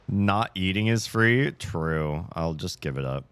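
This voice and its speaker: A male streamer chatting casually on a livestream, ranting in an animated, exasperated way and reading out chat messages and answering them from his home streaming desk. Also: low-pitched, drawn-out words, vocal fry, no echo.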